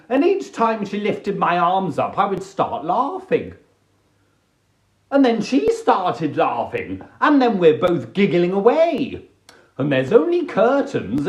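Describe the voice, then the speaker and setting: A man with a high, animated voice leisurely spins goofy stories for his livestream viewers. He plays every part himself, jumping into funny little voices. The sound carries a noticeable room echo. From England. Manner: playful, acts out voices and sings snatches of songs. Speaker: livestream host. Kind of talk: casual comic storytelling on a livestream. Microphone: phone or webcam on a live stream. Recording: echoey room.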